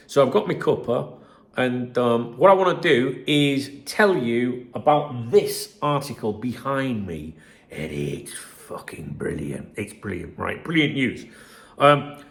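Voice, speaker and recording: A man hosting his channel in a casual, rambling vlog chat from his home office desk, swearing freely as he talks. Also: mid-range voice. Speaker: channel host.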